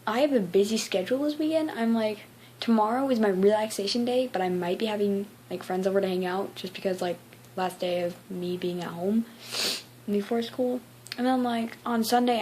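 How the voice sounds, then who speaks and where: A teenage girl vlogging a casual rant, middle-pitched and chatty. She keeps tossing in fillers and slipping into quick impressions of others. A faint background noise sits under the recording. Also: darkish tone. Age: teens. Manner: chatty, frequent "like" fillers, acts out quotes.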